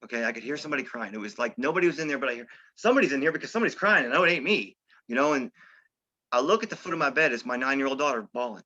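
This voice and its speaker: A middle-aged man speaks quickly in a bright, forceful voice, filling his talk with "you know" and street slang. The recording sounds a little dull and lo-fi. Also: mid-range voice, lively intonation. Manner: conversational, peppered with "you know" and "okay?". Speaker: interview guest. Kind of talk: candid recovery story. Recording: slightly dull, lo-fi audio.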